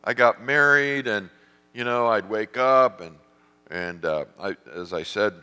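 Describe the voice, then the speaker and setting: A middle-aged male pastor preaches in a storytelling manner, slipping into voices and poking fun at himself. His low voice has a bright, forceful edge. It rings with a long reverb, as in a large church. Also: unhurried, smooth. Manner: storytelling, acts out voices, self-deprecating. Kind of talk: sermon. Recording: reverberant hall.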